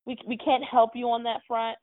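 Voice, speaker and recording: A woman's voice: fairly high pitch, little pitch movement, normal speed, no echo. A woman hosting a sports radio call-in show, hesitant and full of fillers but patient with the caller. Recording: phone-like dry audio.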